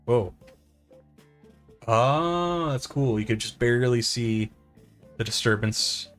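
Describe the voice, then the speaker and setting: A middle-aged live streamer chats over his gameplay at an ordinary mid pitch and a slow pace, with soft game music faintly underneath. His storytelling rambles, pokes fun at himself, and leans heavily on fillers.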